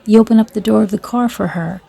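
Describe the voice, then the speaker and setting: A woman's voice: mid-range voice, fast talker, gravelly, mellow, slightly rough, some chatter behind. A woman storyteller reading short stories and jokes aloud in a dry, matter-of-fact way.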